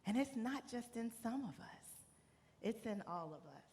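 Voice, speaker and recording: A woman motivational speaker giving an inspirational keynote to a live audience, speaking in measured, deliberate phrases. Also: a little high, lively intonation. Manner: builds from soft, measured delivery to shouted call-and-response. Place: large hall with a live audience.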